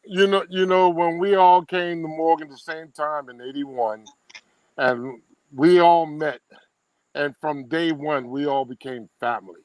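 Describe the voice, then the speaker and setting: A man's voice: fairly high pitch, fairly even intonation, measured pace, no room sound, distant mic, rough recording. A man in his fifties, a friendly, laid-back guest reminiscing with old friends. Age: 50s.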